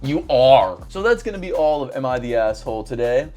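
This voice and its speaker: A young man hosting a casual reaction video, animated and easily worked up, swinging between loud and soft. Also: medium pitch, fast, faint music behind. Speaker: video host.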